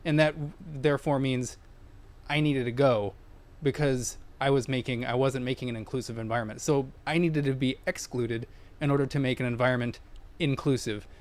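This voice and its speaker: Measured male guest, former academic. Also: medium pitch, fairly even intonation, a little mellow. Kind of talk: panel discussion. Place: podcast studio.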